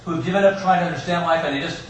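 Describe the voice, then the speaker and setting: Speaking rapid-fire in a higher register, a male pastor preaches an Easter sermon in a church sanctuary, weaving personal stories with joking asides. The very echoey room carries his voice to a faraway mic, and a steady hiss lies beneath everything.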